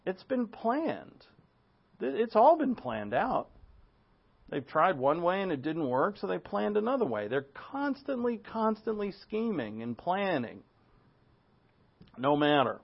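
A man's voice: sits high, very animated, unhurried, breathy edge. Man preaching a lo-fi sermon. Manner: expository preaching with asides and rhetorical questions. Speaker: pastor. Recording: dull lo-fi sound.

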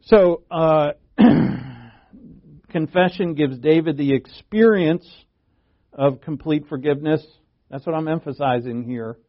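Man, pastor, sermon, gravelly voice, earnest, halting, dull recording. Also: a little high. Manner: earnest, halting, with restarts and rising emphasis.

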